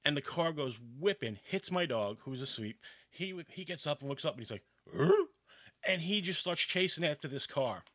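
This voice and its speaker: A man from New York tells a story in casual chat, animated and full of asides. His voice is bright and forceful, and the sound is dry and close with no room in it. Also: on the high side, brisk, hardly any pauses, no echo. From New York, USA.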